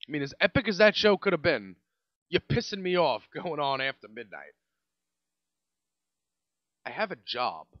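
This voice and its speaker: A man's voice: on the high side, big pitch swings, moderate pace, pauses often, no room sound, highs cut off. A young man with a New York accent, hosting a casual solo podcast and ranting in a rambling, exasperated way with many restarts. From Staten Island, New York. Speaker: podcast host.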